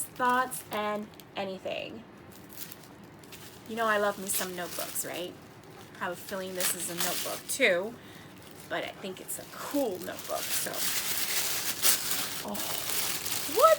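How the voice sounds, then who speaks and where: A woman's voice: a little high, noisy background. A woman teacher in her thirties gushing as she opens gifts in a casual vlog, gasping often. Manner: gushing, excitable, gasps often. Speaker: teacher and YouTuber.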